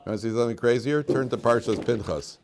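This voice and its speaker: A man's voice: mid-range voice, fast, gravelly, a little mellow, a little hiss or hum. A man teaching a class as a rabbi, repeating his key lines for emphasis and telling stories. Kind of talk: classroom lecture. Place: classroom with students.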